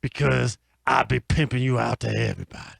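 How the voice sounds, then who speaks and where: A man playing a brash, slangy streetwise bachelor with a heavily gravelly voice. A faint hiss sits under the recording. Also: medium pitch, steady tone, brisk. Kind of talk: improv comedy radio.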